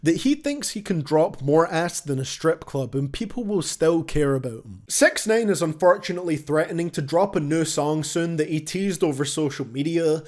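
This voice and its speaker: A young man reads out a scripted album review with a blunt, sarcastic edge. His voice sits a bit high and swings widely in pitch, giving the delivery a lively, animated bounce. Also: normal speed, few pauses. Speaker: music reviewer.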